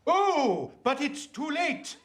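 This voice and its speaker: An actor playing a polite, earnest Victorian actor rehearsing a young lead. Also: male voice, extremely high pitch, sing-song, slow, fairly bright tone, slight background noise, full character voice. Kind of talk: period film acting.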